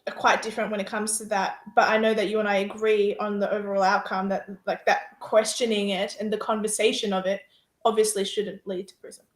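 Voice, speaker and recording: A woman's voice: mid-range voice, flat delivery, fairly quick, reverberant. A woman talking casually as a guest in a discussion, chatty, using many fillers and trailing off mid-thought.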